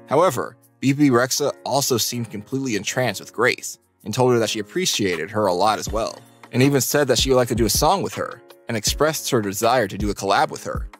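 A man reading a scripted countdown narration in an even, steady delivery. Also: medium pitch.

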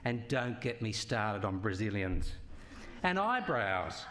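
A man's voice: fairly low pitch, very animated, slow pace, a bit bright. A man giving a playful, jokey debate speech on a festival stage, full of rhetorical questions.

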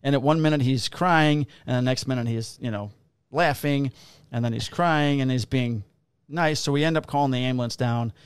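A man, a police officer co-hosting a podcast, telling work stories in a casual, profane, animated way and acting out the quotes. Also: medium pitch, normal speed, clean tone, no room sound. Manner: profane, animated storyteller who acts out quotes. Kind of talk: casual chat, storytelling.

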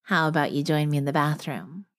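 Woman playing evasive young woman, lighter higher tone, brushes things off, audiobook. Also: a little fast, dry recording, clean studio sound, close to an everyday voice.

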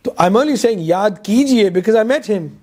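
A man giving an animated Quran lesson lecture, full of hesitations and quick recited verses. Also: high-pitched, a crowd in the background. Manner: animated, mixes English with Urdu and Arabic recitation, many fillers. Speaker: Islamic teacher.

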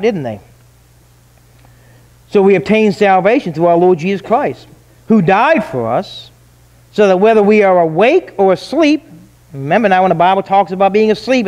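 Pastor, male, high voice, emphatic sermon delivery with rhetorical questions. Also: expressive, moderate pace, a little mellow.

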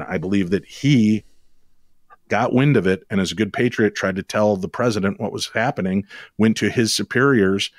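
A man who hosts a paranormal radio show, telling stories as a podcast guest in a lively, quick way with sudden jumps in pitch. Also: no echo, clean studio sound. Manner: animated, quick storytelling with sudden rises in pitch. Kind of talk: storytelling in a podcast interview.

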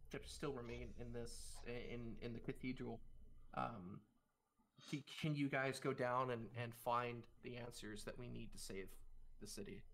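A man's voice: mid-range voice, vocal fry, fairly bright tone, a little hiss or hum. A man voicing a shaky older cleric. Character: weak older male cleric, shaky but hopeful.

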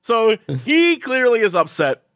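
A young man with a very high voice takes his time, his studio-quality recording free of echo. Co-hosting a podcast, he tells an amusing story about his family in casual talk, animatedly impersonating each person in it.

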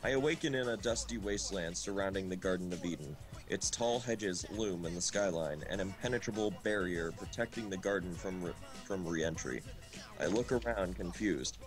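Low-voiced man doing a deadpan reading. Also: normal speed. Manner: deadpan, stumbles on words. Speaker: streamer reading a story aloud. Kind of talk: comic dramatic reading. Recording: loud game music behind. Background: game music.

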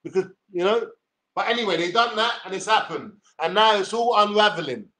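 London man, forties, combative livestream rant, heavy slang, higher-pitched voice. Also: expressive, fairly quick, sharp tone. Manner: combative, profane, streetwise slang. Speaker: YouTuber.

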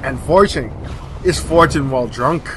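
A man's voice: mid-range voice, lively intonation, moderate pace, background noise, natural voice. A man putting on the voice of a rowdy, boastful male brawler who loves to drink and fight. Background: game music.

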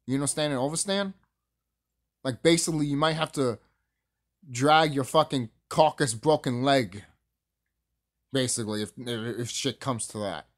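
A young man hosting his own channel, ranting emphatically and profanely in a casual spiritual monologue, often restarting his sentences. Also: medium pitch. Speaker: YouTube channel host.

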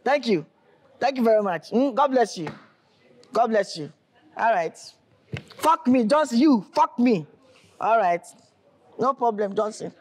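A man's voice: very high-pitched, animated, a little slow, pauses often, husky, exaggerated voice. A man acting a flustered broke man who stammers and pleads over the phone in a comedy skit. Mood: pleading. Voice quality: stammering, repeats words.

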